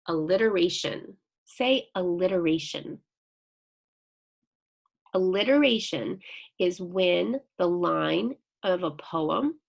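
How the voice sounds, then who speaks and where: A woman teacher guides young children through a recorded lesson at an unhurried, patient pace. Her voice carries a gravelly, slightly husky edge, and she reads sentences aloud with care and encouragement. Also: fairly low pitch. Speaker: second grade teacher.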